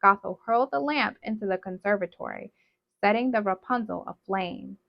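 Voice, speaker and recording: A woman reading a novel aloud in steady, dramatic narration, on a dull, dry recording. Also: medium pitch, normal speed, gravelly, no echo. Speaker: storybook reader.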